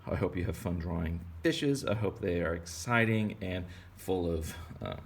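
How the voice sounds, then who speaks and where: Low gravelly-voiced man teaching kids drawing. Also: normal speed. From Texas. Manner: rambling, playful. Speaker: art teacher. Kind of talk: casual kids' drawing lesson.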